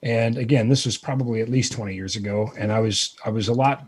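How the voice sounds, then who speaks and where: A man guest telling a self-deprecating story in casual chat, animated and rambling with lots of fillers. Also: mid-range voice, fast, husky. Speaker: guest, lighting presenter.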